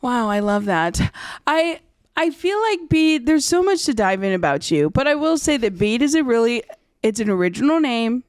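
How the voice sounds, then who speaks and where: A woman hosting a podcast in casual chat, bubbly and quick to laugh. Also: a little high, sing-song, dry recording, clean studio sound. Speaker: podcast host.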